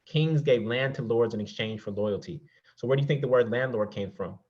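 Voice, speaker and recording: Male investing coach, mid-pitched, preachy and persuasive, talks straight to the crowd; slightly muffled recording. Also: brisk, a little mellow. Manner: preachy, addresses audience as y'all with rhetorical questions. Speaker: real estate investing coach. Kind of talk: motivational presentation.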